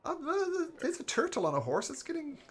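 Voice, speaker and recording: A man running a tabletop game as game master, chatty and quick to laugh, often restarting his sentences. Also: very high-pitched, wildly swooping pitch.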